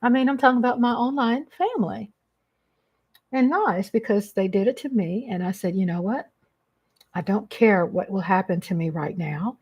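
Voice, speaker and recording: A middle-aged woman chatting casually on a live stream, greeting viewers by name with warmth and affection. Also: medium pitch, animated, normal speed, slightly rough.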